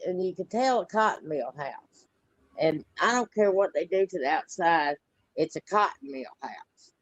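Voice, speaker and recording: A woman's voice: lowish voice, no room sound, dull audio. A woman with an Upstate South Carolina accent, chatting bluntly and saltily and telling stories in a drawl. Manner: blunt, salty, drawling storyteller. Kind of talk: casual gossipy chat.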